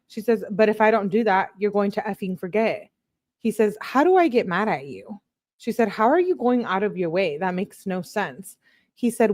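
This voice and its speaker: A woman's voice: mid-range voice, darkish tone, dry recording, clean studio sound. A woman hosting a casual commentary, reading text messages aloud, chatty and sarcastic, breaking into laughter often. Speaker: true crime channel host.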